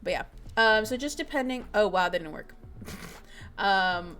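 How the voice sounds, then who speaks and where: A young woman chatting casually with her stream chat, bubbly and excitable, giggling often with lots of fillers. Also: medium pitch, measured pace. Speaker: streamer reading fanfiction to chat. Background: faint music.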